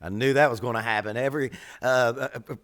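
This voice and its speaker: A man's voice: mid-range voice, quick pace, music in the background. Blunt, opinionated drum teacher, a man. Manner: blunt, opinionated, swears freely, lively emphasis. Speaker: drum teacher reacting to songs. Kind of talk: casual reaction commentary.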